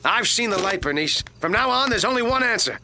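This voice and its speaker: An actor playing a crude, lecherous cartoon duck detective who rants and whines in self-pity. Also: male voice, high voice, expressive, a little fast, sharp tone, heavily acted. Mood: sheepish. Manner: brash, sleazy, self-pitying rants.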